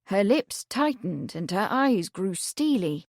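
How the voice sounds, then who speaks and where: A woman narrating an audiobook mystery in a slow, expressive storytelling manner. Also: mid-range voice, dry recording, studio quality. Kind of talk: scripted narration.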